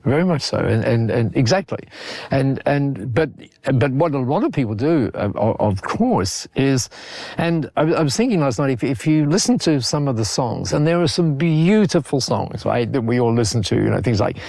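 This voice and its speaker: Gravelly Australian man telling stories. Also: medium pitch, moderate pace, no echo. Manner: animated, repeats words often, laughs between points. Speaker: guest. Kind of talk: conversational podcast storytelling.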